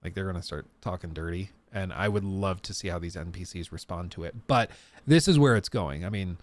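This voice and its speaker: A man giving casual livestream commentary on a game demo, animated and joking with laughing asides. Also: low-pitched, brisk. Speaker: streamer reacting to a game demo.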